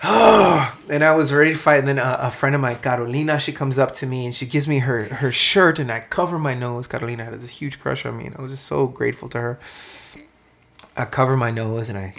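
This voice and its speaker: A man in casual chat, telling a story in an animated, profane way, with lots of "man" and "dude". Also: mid-range voice, creaky.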